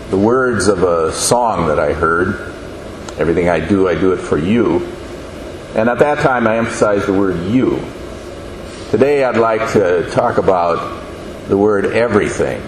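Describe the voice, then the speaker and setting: A man giving a sermon, speaking slowly and deliberately and asking the listeners questions. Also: lowish voice, expressive. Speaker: preacher. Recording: echoey room with faint noise.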